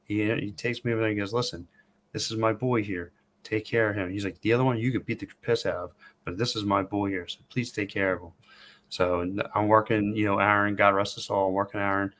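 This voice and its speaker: A man's voice: fairly low pitch, fairly even intonation, fairly quick, a bit bright, a little hiss or hum. A man hosting a podcast, telling a story in a loose, rambling way. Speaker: podcast host. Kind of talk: casual chat.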